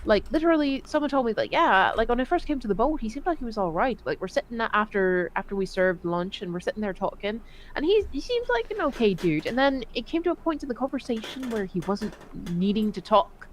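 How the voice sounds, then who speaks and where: Navy vet woman cussing thru her stories, swoops up and down a lot, kinda high. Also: brisk, a little hiss or hum. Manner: profane, animated storytelling. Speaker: Navy veteran storyteller. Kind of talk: casual voice chat.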